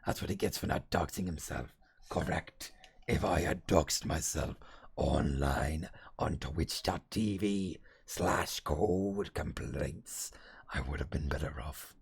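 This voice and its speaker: A male streamer voicing a boastful, grumpy demon lord with a deep gravelly growl, narrating theatrically with crude asides. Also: slow pace, full character voice. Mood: grandiose. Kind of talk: live-stream character voice.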